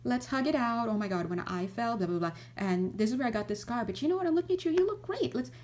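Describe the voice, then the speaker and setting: A woman's voice: animated, fast, a little mellow, natural voice. A woman playing a cheery big sibling. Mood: cheerful. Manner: upbeat, coaxing, high and bouncy. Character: cheerful big sibling comforting a crying child.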